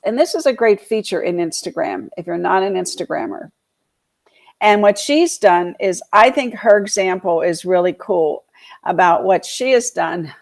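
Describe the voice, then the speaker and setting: A woman's voice: lowish voice, expressive, normal speed, vocal fry. A woman from Georgia hosting a casual live show on real estate, chatty and rambling, with many fillers and laughs. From Georgia, US South. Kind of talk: casual live-stream talk.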